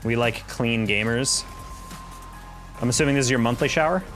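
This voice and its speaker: A man's voice: mid-range voice, moderate pace, a bit bright, soft background music. A young man chatting casually on a live game stream, rambling and reacting to chat while he plays.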